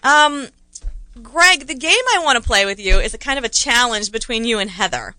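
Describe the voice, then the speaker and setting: A woman's voice: fairly high pitch, expressive, normal speed, bright, forceful tone, no room sound, rough recording. A woman co-hosting a podcast, playful and teasing in casual chat. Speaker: podcast co-host.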